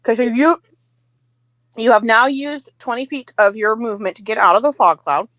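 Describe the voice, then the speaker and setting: A woman narrating a tabletop game as game master, chatty and lively, with hesitant fillers and little chuckles. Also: a little high, moderate pace, no room sound.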